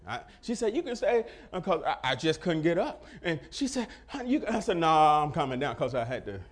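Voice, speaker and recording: A man's voice: a little high, very animated, brisk. A middle-aged man preaching a testimony sermon, acting out the dialogue and breaking into laughter as he tells it. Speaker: pastor.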